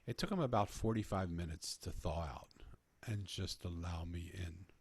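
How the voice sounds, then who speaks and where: A man's voice: low-pitched, normal speed, gravelly, darkish tone, husky, dry recording. A man earnestly telling a personal story in conversation, often restarting his phrases. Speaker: podcast guest telling a story.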